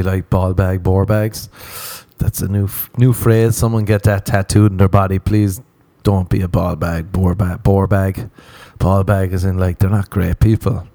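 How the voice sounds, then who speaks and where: Here the comedian's voice is lowish and dark as he wanders through a comic monologue that pokes fun at himself. His accent is non-American, and quoted people get playful voices.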